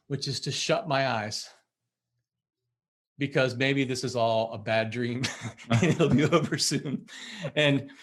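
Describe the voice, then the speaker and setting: A middle-aged man, a musician and podcast guest, telling a story in a lively way and acting out the voices he quotes. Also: mid-range voice. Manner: acts out quoted voices, laughs while telling. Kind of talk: animated storytelling in conversation.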